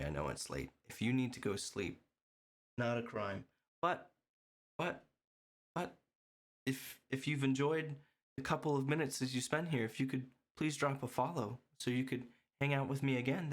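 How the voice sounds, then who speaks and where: A man streaming, chatting casually with viewers in a playful way and laughing often. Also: mid-range voice. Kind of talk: casual chat.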